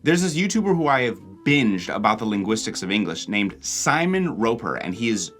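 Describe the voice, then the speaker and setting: A young American man narrates his travel vlog in a chatty way, his pitch rising and falling a lot. A faint music bed plays underneath. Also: a little fast. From Oregon, USA. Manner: animated, chatty. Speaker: vlogger host.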